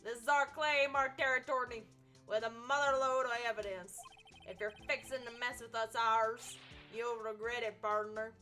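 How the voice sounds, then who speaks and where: A woman voicing a swaggering male cowboy lawman in a video game, with a slow, folksy put-on drawl. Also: fairly high pitch, steady tone, bright, forceful tone, faint music behind, pitched below the performer's own voice. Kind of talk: reading game dialogue aloud.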